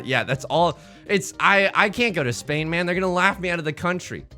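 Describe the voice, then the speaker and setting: Young man, playful game commentary, animated pitch, soft background music. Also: fairly quick. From United States. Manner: rambling, joking, talks to himself and viewers. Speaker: let's play host. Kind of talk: casual gameplay commentary.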